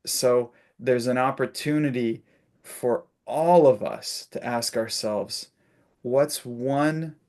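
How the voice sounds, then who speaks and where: On a video call, a man leads a spiritual discussion, speaking slowly in a mid-range voice. He tells warm stories, laughing as he acts out little quotes.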